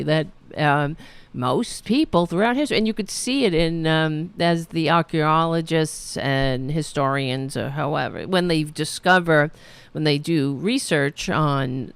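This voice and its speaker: A woman's voice: low voice, creaky, clean tone, no echo. A woman hosting a political livestream, rambling casually with many fillers while losing her voice. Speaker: host of a political livestream show.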